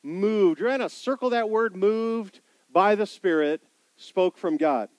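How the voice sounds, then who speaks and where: A man's voice: high-pitched, measured pace, no room sound. A man preaching a sermon as pastor, emphatic, repeating key points and asking his listeners questions.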